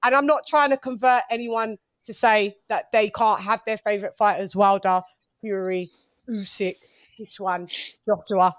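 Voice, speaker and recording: A woman's voice: medium pitch, steady tone, normal speed, dry recording, studio quality. A woman hosting a call-in boxing show, talking emphatically in slang and repeating her points for effect. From England. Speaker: host.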